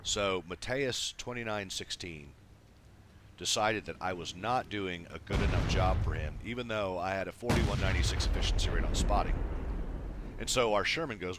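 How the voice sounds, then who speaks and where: A low-voiced man speaks at normal speed while casually commenting on a replay of his own game, laid-back and swearing freely. The very noisy recording carries tank battle game sounds behind him: gunfire, engines, and artillery fire.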